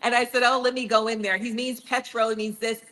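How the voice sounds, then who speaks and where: A woman hosting a casual talk show and telling animated stories. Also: on the high side, fairly quick, rough recording. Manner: chatty storyteller, animated anecdotes. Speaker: host. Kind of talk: casual chat.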